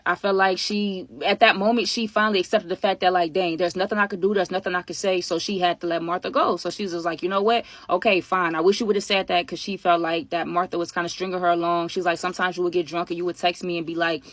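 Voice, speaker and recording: Fast-talking woman telling a story. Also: fairly low pitch, no room sound. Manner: animated, quotes others in her own voice. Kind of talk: casual storytime.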